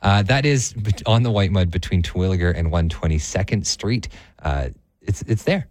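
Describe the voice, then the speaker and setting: A man's voice: lowish voice, animated, normal speed, darkish tone, no echo. A man co-hosting a radio show, chatting casually and teasing his co-host with dry jokes. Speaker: radio co-host and office reporter.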